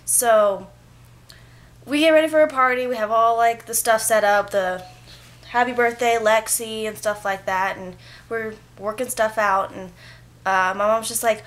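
A young woman with a fairly high voice tells a story straight to camera. She rambles in a loose, chatty way, with filler words everywhere. She perks up with animated energy as the story builds. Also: measured pace. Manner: chatty, filler-heavy with frequent "like"; animated when retelling. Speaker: vlogger. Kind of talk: casual storytelling vlog.

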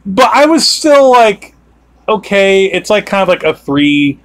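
This male podcast host has a high voice and sounds very animated, yet keeps a measured pace. His casual chat wanders, full of fillers and false starts.

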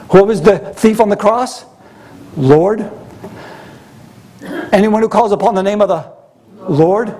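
A man's voice: sits high, darkish tone, husky. A man preaching a sermon, asking his listeners rhetorical questions and repeating key phrases for emphasis. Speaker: pastor.

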